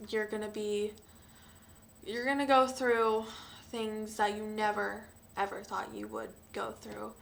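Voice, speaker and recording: A young woman talking hesitantly and emotionally to camera, with frequent sighs and pauses. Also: mid-range voice, flat delivery, gravelly, fairly bright tone, slight background noise. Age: young adult. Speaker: vlogger. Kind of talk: personal confessional vlog.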